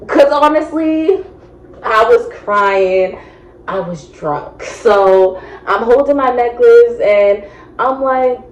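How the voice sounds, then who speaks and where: A young woman vlogger telling a casual storytime, acting out each quote with sudden jumps in pitch. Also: slow pace, echoey room, poor audio.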